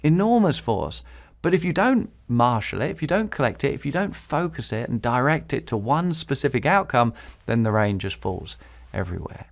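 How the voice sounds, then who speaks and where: A man's voice: mid-range voice, big pitch swings, moderate pace, vocal fry. A man hosting a podcast and teaching public speaking, repeating key phrases for emphasis and chuckling between points. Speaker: podcast host.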